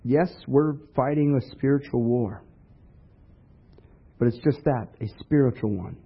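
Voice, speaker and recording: A man's voice: mid-range voice, measured pace, gravelly, breathy edge. A man preaching a sermon in a conversational way, asking rhetorical questions. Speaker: pastor. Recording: dull lo-fi recording.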